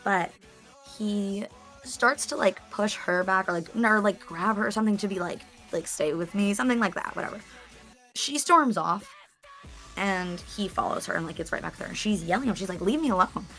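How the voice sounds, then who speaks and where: A young woman telling a story as an interview guest, animated and chatty, laughing and swearing as she goes. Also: mid-range voice, normal speed, soft background music. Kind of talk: casual storytelling.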